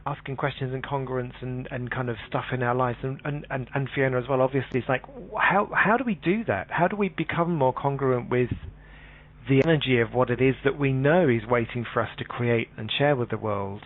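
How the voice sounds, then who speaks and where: A man's voice: medium pitch, a little fast. Man, radio co-host, playful, rambling, tinny phone-line sound. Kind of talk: casual chat.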